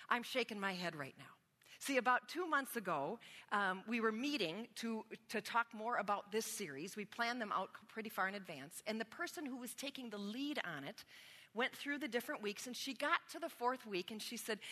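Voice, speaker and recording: A woman serving as a church's spiritual formation pastor delivers a sermon in a relaxed, storytelling way, poking fun at herself. Her voice sits a bit high and rings bright. The long reverb of a large sanctuary trails behind every phrase. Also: brisk. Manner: conversational, self-deprecating storytelling.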